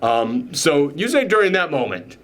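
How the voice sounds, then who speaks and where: Man, slightly higher voice, casual movie reaction chat, enthusiastic, rambling recap. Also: big pitch swings, a bit bright. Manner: enthusiastic, rambling, acts out scenes in quick voices. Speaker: podcast host.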